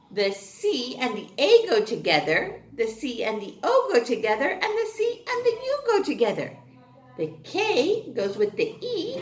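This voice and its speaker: A kindergarten teacher speaks in a high, very lively voice that swoops up and down. She takes her time, answering her own questions and cheering the children on. Her voice rings out in an echoey room. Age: adult. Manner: sing-song, asks questions and answers them herself; slow, clear and encouraging. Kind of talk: online class lesson.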